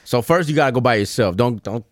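A man's voice: mid-range voice, expressive, fast, no echo, clean studio sound. A man co-hosting a podcast, giving playful advice and acting out scenes in casual banter.

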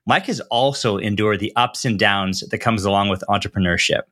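A man hosting a podcast, reading a scripted introduction and then asking his guest questions in a brisk, friendly way. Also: fairly low pitch, bright, forceful tone. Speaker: podcast host.

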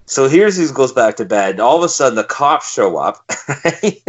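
A man's voice: medium pitch, sing-song, normal speed, muffled recording. A man co-hosting a casual podcast, telling a long story full of profanity in an exasperated tone. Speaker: podcast co-host.

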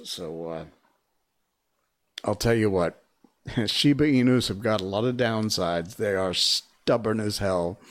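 A man live streaming from his desk at home, chatting casually into a desk microphone with a rambling, chuckling, anecdotal manner. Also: fairly low pitch. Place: home desk with a squeaky chair.

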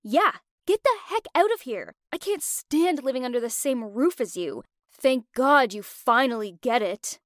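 A woman's voice: high voice, sing-song, a little slow, dry recording, clean studio sound. A woman voicing a bitter, jealous young woman who speaks in a scornful, accusing way. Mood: sarcastic.

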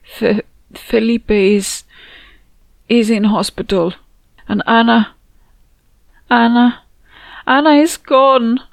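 A woman voicing a grieving mother who is crying, her words halting and broken. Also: mid-range voice, steady tone, mellow, no echo, lightly acted. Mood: tearful grief. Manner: halting, broken sobbing speech. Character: grieving mother breaking down in tears.

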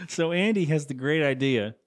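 A man's voice: on the high side, animated. A man co-hosting a podcast, casually recapping a cartoon episode and briefly acting out the characters' lines. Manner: rambling, acts out character lines in quick voices. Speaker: podcast co-host.

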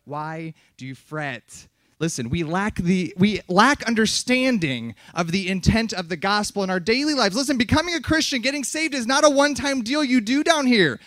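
A man preaching a fiery sermon at a youth conference, yelling hard and then dropping to soft, close asides. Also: high-pitched, expressive, fairly quick, hardly any pauses, no echo.

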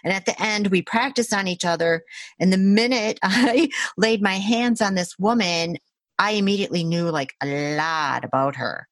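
A woman's voice: mid-range voice, normal speed, dry recording. A woman who works as a Reiki practitioner, telling a story casually in a conversation. She talks animatedly, laughs often and uses many fillers. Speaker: Reiki practitioner and intuitive healer.

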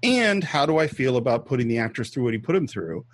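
A man's voice: mid-range voice, fast. A man hosting a podcast, casually walking his co-host through a movie scene by scene and explaining how it was filmed. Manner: lively storyteller explaining scenes and behind-the-scenes facts. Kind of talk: casual film-discussion chat.

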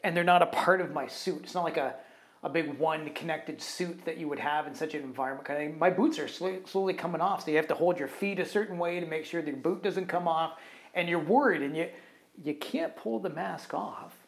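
A man's voice: on the high side, fairly quick. A man co-hosting a podcast, telling a long work story in a casual, rambling way and often tagging his sentences with "right?". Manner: animated, acts out other people's quotes; rambling with fillers like "right?" and "kind of thing". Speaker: podcast co-host.

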